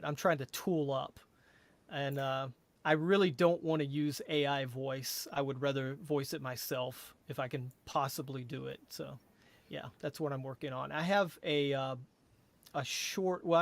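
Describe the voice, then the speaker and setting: A man with a light Southern US accent, talking casually as a guest author, self-deprecating and quick to chuckle, on a headset mic. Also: medium pitch, gravelly, no echo. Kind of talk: casual podcast chat.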